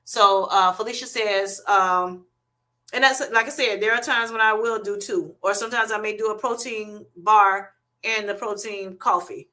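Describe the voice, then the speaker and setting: Bright-voiced woman chatting on a livestream. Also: medium pitch, steady tone, moderate pace. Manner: chatty, many fillers, reads out viewer comments. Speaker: livestream host reading chat. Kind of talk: casual livestream chat.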